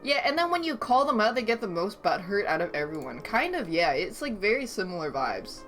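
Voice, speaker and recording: A woman's voice: medium pitch, very animated, brisk, a bit bright. A woman livestreamer chatting casually with her viewers, reading their messages aloud and reacting with dry sarcasm. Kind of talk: casual stream chat. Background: faint background music.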